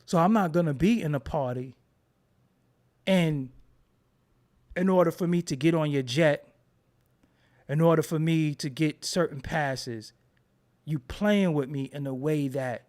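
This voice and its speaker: A man's voice: a little high, measured pace, pauses often. A man in a casual, profane rant, talking emphatically and repeating himself when heated. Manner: animated, emphatic, swears freely, repeats words when heated.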